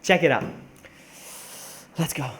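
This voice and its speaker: A man from Malta, chatting casually and rambling on a live game stream from a room at home, laughing often. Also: slow pace. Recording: steady background noise.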